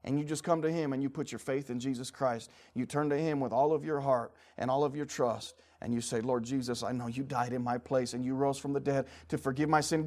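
A man in his forties preaching a fervent sermon, swinging from quiet, low passages to loud, high-pitched shouting, acting out prayers and inner voices. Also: fairly even intonation, a little fast, few pauses. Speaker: pastor.

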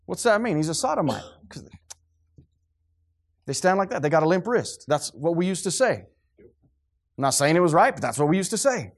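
A middle-aged man preaches with fervent, preachy conviction. His voice sits somewhat high for a man, and he now and then loses his train of thought. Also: big pitch swings, normal speed, long pauses. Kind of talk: sermon.

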